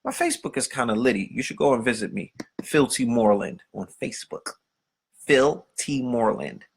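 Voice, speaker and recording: A man's voice: medium pitch, big pitch swings, moderate pace, gravelly, breathy edge. A man hosting a podcast, delivering a profane, streetwise rant full of rhetorical questions. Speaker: podcast host. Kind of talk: unscripted monologue.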